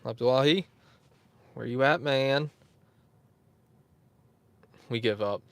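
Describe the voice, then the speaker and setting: A man's voice: mid-range voice, slow, creaky, fairly bright tone, dry recording. A man hosting a casual livestream, rambling, chuckling and answering viewers in the chat. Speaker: YouTube host.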